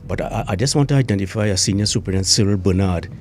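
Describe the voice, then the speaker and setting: A man's voice: deep voice, rapid-fire, darkish tone. An older man with a Trinidadian accent, a retired police inspector recounting events emotionally as a guest, full of local slang and repetition. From Trinidad and Tobago. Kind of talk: emotional interview recollection.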